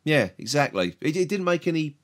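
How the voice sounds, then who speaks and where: A man's voice: fairly high pitch, big pitch swings, a little fast. A British man co-hosting a podcast, casually reviewing an episode, hesitant and full of repeated words and grumbles. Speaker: podcast co-host.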